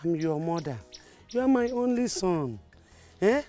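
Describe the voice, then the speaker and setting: A woman's voice: on the high side, very animated, unhurried, faint music behind. An actress playing a Nigerian mother who scolds and pleads with her grown son. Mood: pleading. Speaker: mother of the husband. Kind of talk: Nollywood film acting.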